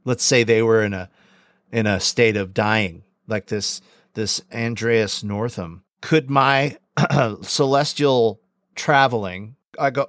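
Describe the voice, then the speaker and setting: A man's voice: on the low side, takes it slowly, fairly bright tone, no echo, studio quality. A man co-hosting a podcast in casual, rambling, enthusiastic chat. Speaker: podcast co-host.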